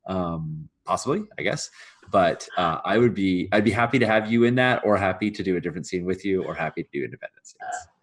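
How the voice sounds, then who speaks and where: A man's voice: deep voice, lively intonation, brisk. A man talking through a tabletop role-play scene with hesitant, rambling speech. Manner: hesitant, rambling, filler-heavy. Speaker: player.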